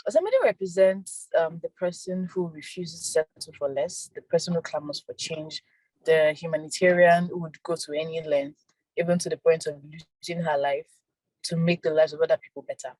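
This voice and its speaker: Young woman, soft-spoken, low-ish voice, laughs between answers, interview guest. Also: moderate pace, no room sound, low-quality recording. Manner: soft-spoken, laughs often, repeats words. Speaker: actress and filmmaker, interview guest.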